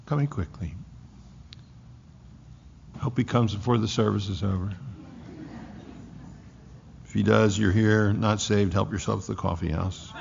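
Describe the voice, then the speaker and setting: A man's voice: on the low side, measured pace, vocal fry, long pauses, noisy background. A man preaching a sermon as pastor, emphatic and repeating key phrases for weight, in a church sanctuary. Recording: dull lo-fi recording with long hall reverb.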